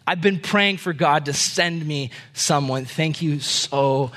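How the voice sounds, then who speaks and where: A man voicing a young woman who works as a store clerk and speaks softly and from the heart. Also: a little high, slow, voice pushed down. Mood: grateful.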